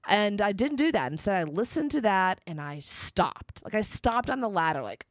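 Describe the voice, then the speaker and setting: Female podcast host, solo motivational monologue, emphatic bursts, lively intonation. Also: fairly high pitch, normal speed, creaky, no echo, clean studio sound. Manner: candid and rambling, with bursts of emphatic energy.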